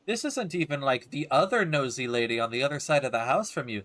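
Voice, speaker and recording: A man's voice: medium pitch, lively intonation, quick pace, hardly any pauses, a bit bright. A man streaming a game, making joking, irreverent asides as he plays. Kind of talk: casual commentary over a game.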